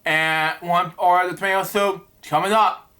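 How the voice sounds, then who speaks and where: A flustered furry monster waiter from a picture book, as a man reads him aloud. He stumbles through his apologies in a high, bright voice. There is no real character voice, just plain storybook reading. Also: steady tone, moderate pace. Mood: apologetic.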